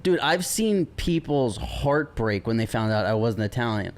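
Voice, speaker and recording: A man as a podcast guest, telling quick anecdotes in casual chat and voicing the people in them. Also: mid-range voice, animated. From Irish family background. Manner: quick anecdotes with voiced quotes.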